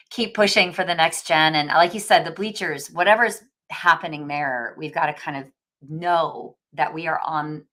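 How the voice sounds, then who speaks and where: A woman's voice: low voice, measured pace, fairly bright tone. A woman in her forties hosting an interview, reflective and earnest, often stopping to restart her sentences. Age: 40s. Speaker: podcast host. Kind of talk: casual conversational interview.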